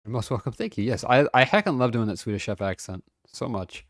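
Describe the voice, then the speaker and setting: A man chatting casually and playfully on a game stream, excitable and fond of silly sing-song bits. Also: medium pitch, fairly quick, no room sound, studio quality.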